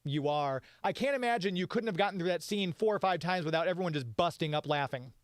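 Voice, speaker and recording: A male radio host interviewing a guest, asking questions casually and agreeing with quick interjections. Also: sits high, no room sound, clean studio sound.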